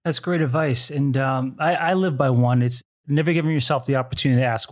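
An enthusiastic man hosts a podcast and talks in a motivational way. His voice sits at a middle pitch. The sound is dry and close to the mic. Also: quick pace, few pauses, no room sound. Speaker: podcast host. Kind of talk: podcast interview.

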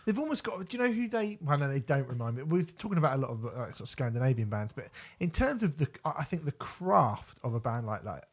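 Relaxed chatty man. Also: medium pitch, quick pace, hardly any pauses, husky. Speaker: music podcast co-host. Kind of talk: casual chat.

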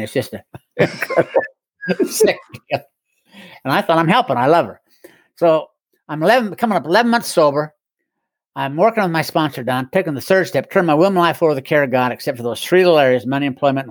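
A man's voice: a little high, expressive, quick pace, pauses often, dry recording. A middle-aged man telling his own story casually, with wry, self-mocking humor and frequent chuckles. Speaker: guest speaker in recovery.

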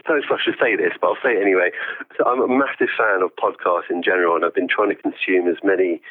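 A man in his forties, a podcast guest dialing in from afar, who talks enthusiastically and laughs often. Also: low voice. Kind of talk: remote interview. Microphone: phone call-in. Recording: tinny phone line.

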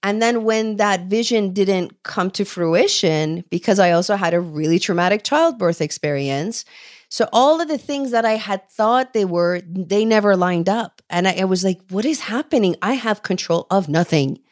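A woman's voice: medium pitch, normal speed. A woman in her forties from Canada, an ADHD coach telling her own story in an interview, acting out remembered dialogue. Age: 40s. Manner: expressive, acts out quoted dialogue.

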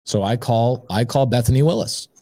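A man's voice: medium pitch, normal speed, dry recording. A man guest on an interview podcast, telling a long personal story and acting out every side of the conversation. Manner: animated storyteller acting out both sides of a conversation. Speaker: podcast guest, real estate investor.

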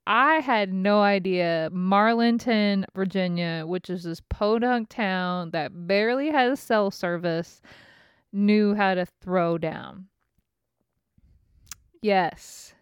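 A woman in her thirties tells a rambling, profane story. Her voice is smooth and clear, at a middling pitch. The sound is dry, with no room echo. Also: slow, dull audio. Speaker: podcast host. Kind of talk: casual chat.

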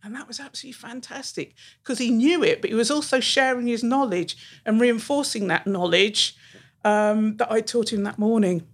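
Animated woman telling teaching stories. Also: on the high side, normal speed. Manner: animated storyteller who acts out the people she quotes. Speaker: teacher and podcast guest. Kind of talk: storytelling in a podcast interview.

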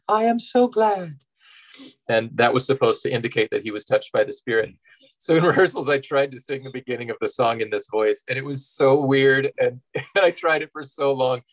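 A man's voice: medium pitch, rough recording. A man, an actor and guest, chatting easily with many fillers and frequent laughs. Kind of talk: casual interview chat.

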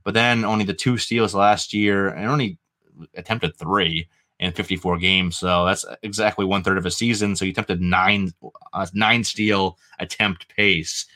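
A lower-pitched man with a bright, forceful tone and a New England accent talks through baseball numbers in loose podcast chat. He strings stats together with fillers and restarts. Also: normal speed. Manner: animated, stat-heavy, rambling with fillers. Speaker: fantasy baseball podcast co-host.

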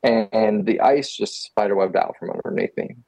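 A man from Texas shares an adventure as a podcast guest, chatty and animated, with lots of fillers. His voice is husky and warm. The sound is dry and close. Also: fairly low pitch, moderate pace, no echo, rough recording. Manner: animated, laughing, many fillers. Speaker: guest photographer. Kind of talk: casual storytelling.

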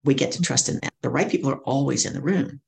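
A middle-aged woman with a gravelly edge to her voice tells stories as an interview guest. She talks with vivid energy and acts out the people she quotes. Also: a bass voice, quick pace. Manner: animated storyteller acting out quoted voices. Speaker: guest speaker and coach. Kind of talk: storytelling interview.

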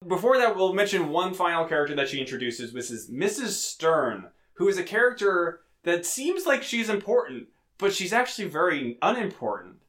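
A man co-hosting a podcast, casually recapping a movie plot with quick asides. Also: high-pitched, big pitch swings, fairly bright tone. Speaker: podcast co-host.

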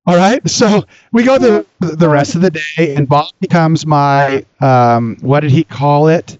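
A man's voice: on the high side, unhurried, a little mellow, no echo. A man hosting a talk show, telling a long casual story with lots of restarts and swearing. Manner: rambling, repeats words, swears freely. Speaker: podcast host. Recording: slightly dull dry recording.

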